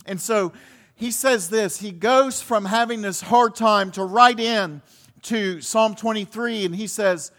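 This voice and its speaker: A man with a fairly high voice delivers a sermon in an easy, conversational way. He circles back and repeats himself as he hunts for the words, and drops in a few small laughs. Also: unhurried, fairly bright tone. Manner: conversational preaching with many restarts and laughs. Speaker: pastor.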